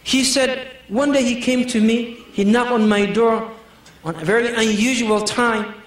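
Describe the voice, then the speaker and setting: A man's voice: extremely high pitch, measured pace, reverberant, recorded from a distance. A man giving a humorous sermon to a gathering, telling anecdotes and laughing often as he makes his points. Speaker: preacher.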